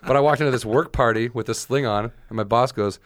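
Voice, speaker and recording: A man's voice: medium pitch, fast talker, dry recording, clean studio sound. A man co-hosting a podcast, telling a rambling, self-mocking story in casual chat and acting out quoted voices. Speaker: podcast co-host.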